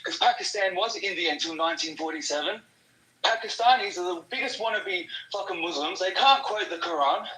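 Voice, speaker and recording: Sharp and high-voiced, this Australian caller launches into a heated, rambling rant laced with profanity. The audio comes across distant and full of echo.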